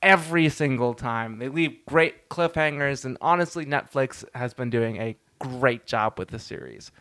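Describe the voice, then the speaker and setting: A man's voice: mid-range voice, animated, moderate pace, a bit bright. A man co-hosting a podcast, chiming in and agreeing in casual chat. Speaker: podcast co-host.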